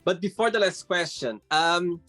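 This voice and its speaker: A man's voice: sits high, moderate pace, over loud music. A man hosting a casual interview, asking questions with frequent hesitations and fillers. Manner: hesitant, filler-heavy phrasing. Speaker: host.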